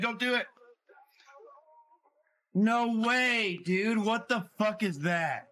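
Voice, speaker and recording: A man streaming live, swearing a lot and yelling, with big swings between shouting and low grumbling. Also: takes it slowly. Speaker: livestreamer.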